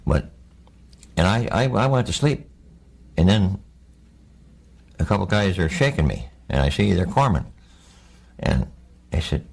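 An older man, a war veteran, recounting his memories in a plainspoken, halting oral-history interview. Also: low-pitched, sing-song, creaky, a little mellow, breathy edge.

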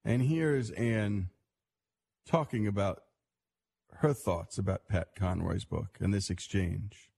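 A man hosting a radio program and introducing a recorded clip in a measured way. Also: fairly low pitch, vocal fry, darkish tone, a little hiss or hum. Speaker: radio host. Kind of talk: broadcast introduction.

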